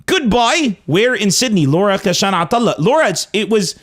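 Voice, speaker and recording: A man hosting a casual call-in podcast, joking with callers, swearing freely and tossing off quick asides. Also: high-pitched, animated. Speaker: podcast host taking calls.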